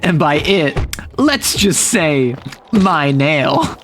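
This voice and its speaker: Streaming a game, a man with a fairly high voice muses aloud playfully and giggles as he plays, sounding very animated yet talking extremely slowly with frequent pauses. His gameplay commentary sits over loud game music, with a little hiss or hum in the recording.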